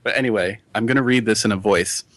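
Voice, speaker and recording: A man co-hosting a casual gaming podcast, relaxed and jokey, often laughing as he reads listener mail. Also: lowish voice, fast, no echo. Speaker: podcast co-host.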